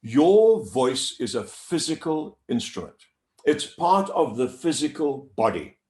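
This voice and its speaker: A man working as a voice coach, explaining pronunciation in an interview with a clear, deliberate teacher's delivery and drawing out sounds to demonstrate them. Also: fairly high pitch, very animated, a little mellow. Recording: echoey room.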